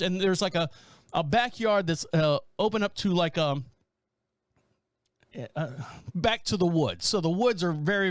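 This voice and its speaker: Brief: male podcast host, high bouncy voice, loose casual commentary with fillers and laughs. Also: no room sound. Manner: animated, laughs often, chatty with fillers.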